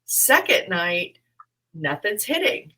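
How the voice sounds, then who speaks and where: A woman comedian and podcast co-host, talking in a casual, animated way and often laughing as she acts out her own past reactions. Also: medium pitch, slow pace, poor audio. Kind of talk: casual chat.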